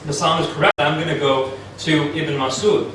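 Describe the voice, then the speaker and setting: A man gives a formal debate speech in a fairly high voice, pushing an argument through a string of cited sources. His voice rises sharply when he stresses a point. The mic picks him up from a distance, with heavy echo from a large hall and faint room noise behind him. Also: steady tone, fairly bright tone. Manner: argumentative, citing sources in quick succession; emphatic, pitch jumps up on key points.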